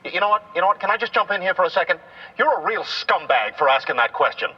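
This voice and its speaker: A man voicing a fiercely loyal, hot-tempered male talking car in a comedy sketch, with a husky voice. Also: sits high, big pitch swings, quick pace, dull audio, full character voice. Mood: indignant. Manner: emotional, then furious and shouting.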